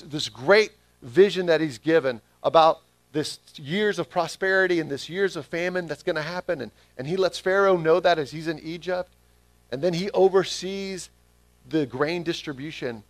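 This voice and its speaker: A man's voice: on the high side, no echo. A man preaching a sermon, stressing his key phrases by repeating them back to the congregation. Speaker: pastor.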